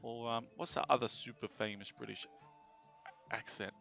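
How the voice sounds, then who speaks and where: Playing through a game live, an Australian-accented streamer talks at a normal pace in a medium-pitched, slightly bright voice with some vocal fry. His casual commentary is chatty and full of swearing, with loud reactions to what happens on screen. Game music runs through the muffled, lo-fi audio.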